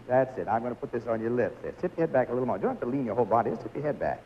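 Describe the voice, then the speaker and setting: A man's voice: mid-range voice, expressive, very fast, slight background noise. Upbeat guy hosting a 50s tv game show, voice jumps all over, kinda muffled vintage broadcast. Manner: jovial, coaxing, laughing instructions to contestants. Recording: lo-fi 1950s television audio.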